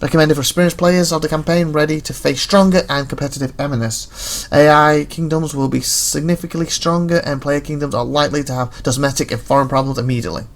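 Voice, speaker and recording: A man's voice: fairly high pitch, steady tone, quick pace, hardly any pauses. A man hosting a gaming video, rambling and thinking aloud as he reads through game menus. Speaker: gaming channel host. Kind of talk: casual gameplay commentary.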